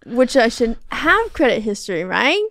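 A young woman answering questions about her debt, sheepish and hesitant, with halting sentences. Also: on the high side, sing-song, fairly bright tone. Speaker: guest. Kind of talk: interview answers.

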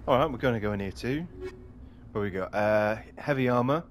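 A man's voice: mid-range voice, a little fast, noisy background. A man commenting casually on a game as he plays, swearing and laughing often. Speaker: gaming streamer. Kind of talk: casual let's-play commentary.

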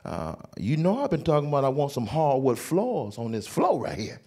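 A man's voice: mid-range voice, huge pitch swings, moderate pace, warm tone, voice pushed down. A male comedian playing his mother, a middle-aged wife who teases her husband in a challenging way. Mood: teasing.

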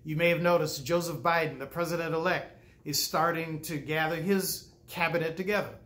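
An older man, a pastor, telling stories in a sermon with a folksy manner, pausing often and acting out quoted speech. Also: a little high, steady tone, fairly bright tone. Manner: folksy, with frequent "uh" pauses and acted-out quotes. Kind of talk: storytelling sermon.

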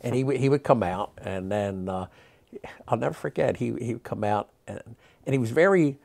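A man in his sixties, a magic historian, telling stories in an interview, animated and rambling with many fillers and restarts. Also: mid-range voice, moderate pace, gravelly. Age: 60s. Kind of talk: interview storytelling.

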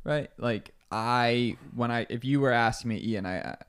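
A man hosting a casual podcast interview, speaking in a relaxed, reflective way with frequent restarts. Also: mid-range voice, moderate pace, clean tone. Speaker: podcast host.

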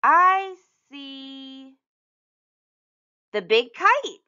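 A woman reading a storybook, voicing a calm, thoughtful girl cousin who speaks mildly. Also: sits high, very slow, dull audio, voice pushed up, exaggerated voice. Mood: musing.

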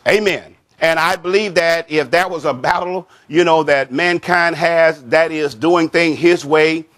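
A man preaching a sermon as pastor, repeating and stressing key words, stretching scripture phrases slowly and sinking his voice at the end of each point, with frequent calls of amen. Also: fairly bright tone. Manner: drops pitch and volume at the end of a point; frequent amen and child of God to the congregation.

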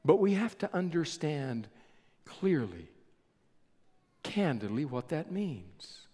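A male pastor delivers a sermon, telling a story in an unhurried, measured way and leaning on dramatic pauses. His voice sits fairly high for a man and moves very slowly. The sound rings with the long reverb of a large church hall. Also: sing-song, a little mellow, slightly rough.

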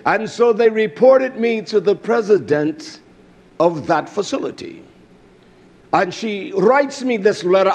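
A man preaching a fiery sermon, swinging from loud outbursts to low murmurs, with a husky voice. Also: expressive, measured pace.

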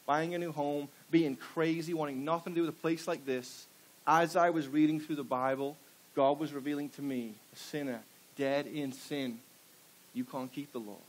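A middle-aged man delivers a sermon with passion, throwing rhetorical questions out to his congregation. His voice sits a little higher than most men's. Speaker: pastor.

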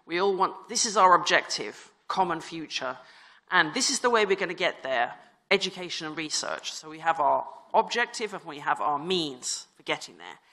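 Speaking at a conference, a woman delivers her talk in a low, expressive, bright and forceful voice at a moderate pace, and the hall is reverberant. She jokes at her own expense in a chatty way, often restarting and using fillers.

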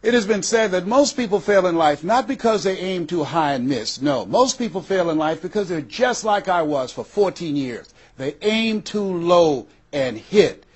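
A husky, fairly high-voiced older man from the US delivers a motivational talk. He builds his points with dramatic pauses and slips into the voices of the people in his stories. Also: animated. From USA. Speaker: motivational speaker. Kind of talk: motivational speech.

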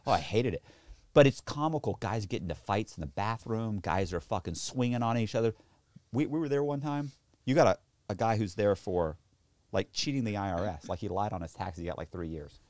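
Animated, profane man telling a prison story. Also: fairly quick, no room sound. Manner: animated storyteller, profane, mimics other inmates with high squeals and low mutters. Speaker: podcast guest. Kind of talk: storytelling in casual chat.

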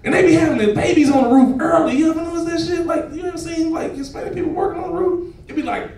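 A man performing a profane stand-up comedy set on a club stage, laughing and shouting as he tells stories. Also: very high-pitched, fast. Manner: loud, laughing, profane storytelling to a crowd. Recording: echoey club recorded from far off.

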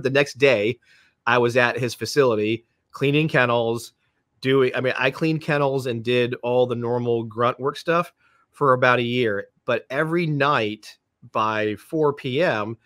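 A man's voice: mid-range voice, fairly bright tone, no echo, studio quality. A man, a podcast guest who tells long, rambling anecdotes and acts out the voices of people he quotes. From Florida, United States. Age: 50s. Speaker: podcast guest, police dog trainer. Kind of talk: casual storytelling.

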